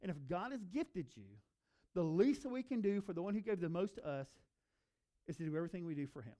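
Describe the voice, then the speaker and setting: A man preaching a sermon with earnest conviction, stacking up emphatic repeated phrases. His voice sits a bit high, with a warm, mellow tone. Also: very animated, a little fast. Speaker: pastor.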